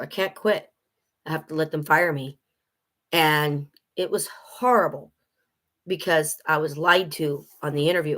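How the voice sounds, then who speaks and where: A woman's voice: low voice, a bit bright. A woman venting in a blunt casual monologue about work, swearing freely. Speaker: vlogger.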